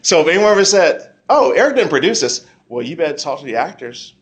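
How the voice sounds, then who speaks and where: Blunt, animated comic creator on a panel. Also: male voice, on the high side, fairly quick. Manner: blunt, animated, repeats words. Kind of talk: casual panel talk. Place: convention panel room.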